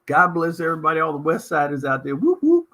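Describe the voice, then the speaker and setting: A middle-aged man from Southern California, hosting a talk show and telling anecdotes in an animated, emphatic way. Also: on the high side, fast talker. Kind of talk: conversational interview storytelling.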